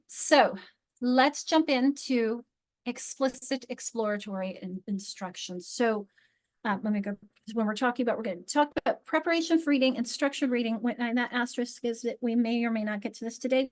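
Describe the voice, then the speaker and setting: A woman with a slightly high voice leads a teacher training over a video call. She talks in a chatty, informal way, restarting her sentences often. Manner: chatty, with frequent restarts and modeled read-alouds. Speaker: literacy trainer.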